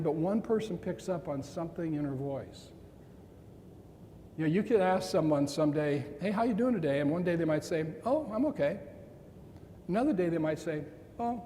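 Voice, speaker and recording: A man in his sixties giving a keynote talk, telling a personal story with dramatic pauses and quoted lines. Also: fairly high pitch, warm tone. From Montana. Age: 60s. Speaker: keynote speaker. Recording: long reverb in a large hall, faint room noise.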